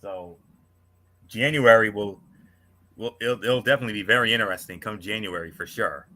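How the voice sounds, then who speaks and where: A man's voice: on the low side, moderate pace, bright, forceful tone. A man hosting a wrestling talk show, laid-back and agreeable in casual chat. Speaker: wrestling podcast host.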